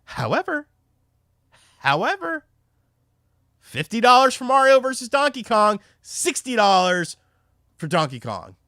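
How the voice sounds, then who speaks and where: A man's voice: very high-pitched, very animated, normal speed, bright, forceful tone, no echo, studio quality. A young man from North Carolina, chatting on a casual livestream and telling rambling, profane stories full of fillers. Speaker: streamer.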